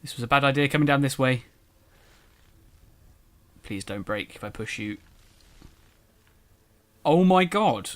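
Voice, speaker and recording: Giggly young male gamer, mid pitch, excitable commentary. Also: moderate pace, long pauses. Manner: excitable and giggly, cooing at animals. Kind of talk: let's play commentary.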